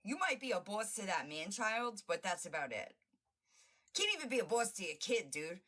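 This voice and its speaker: Brash, profane woman with bright tone. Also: medium pitch, very animated, normal speed, slightly rough. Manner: brash and profane, often laughing; mocking and sarcastic. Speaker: livestream host. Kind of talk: casual reaction commentary.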